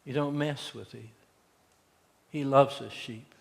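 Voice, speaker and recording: Slow and creaky, this man's medium-pitched voice stays fairly even as he preaches a sermon in a church sanctuary. As pastor he shares folksy stories and voices the quotes in character. Long reverb from the hall fills the sound.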